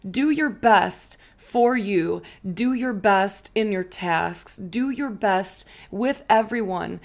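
A woman hosting a podcast, giving an encouraging, profane motivational talk with emphatic repetition. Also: a little high. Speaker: podcast host.

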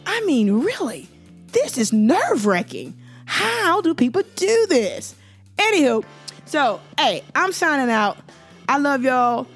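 Winded girl podcasting, kinda high voice, preachy, says stuff twice. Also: big pitch swings, slow pace, faint music behind. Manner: emphatic, preachy, repeats for emphasis. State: out of breath. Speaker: podcast host. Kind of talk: casual motivational podcast monologue.

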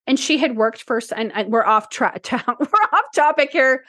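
A woman's voice: fairly high pitch, moderate pace, a bit bright, no room sound. A woman co-hosting a casual podcast, talking in a rambling, emotional way with many restarts, her voice teary and close to crying. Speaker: podcast co-host.

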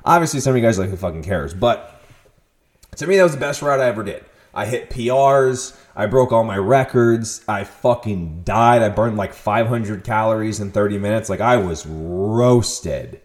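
A young man hosting a podcast, telling a story in a casual, profane monologue with sudden loud outbursts. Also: on the low side, moderate pace. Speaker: podcast host.

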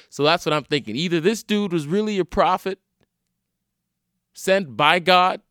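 A stand-up comedian hosts a casual solo podcast, spinning wry, swear-filled stories with animated delivery and acting out the voices of people he met. His medium-pitched voice is captured in a dry, studio-quality recording.

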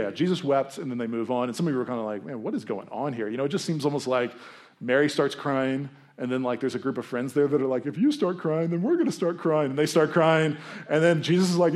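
A man's voice: mid-range voice, a little mellow. A man in his thirties giving a conversational sermon as a pastor, with self-deprecating asides and quoted voices he acts out. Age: 30s.

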